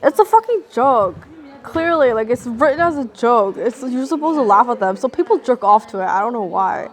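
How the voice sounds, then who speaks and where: A woman's voice: on the high side, lively intonation, normal speed. A woman vlogging a casual, rambling monologue in a sarcastic tone, peppered with "like" and swearing.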